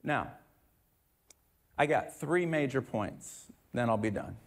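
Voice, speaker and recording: A male pastor giving a sermon, moving from a family story into loud, emphatic preaching with scripture reading. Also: medium pitch, animated, slow pace, creaky.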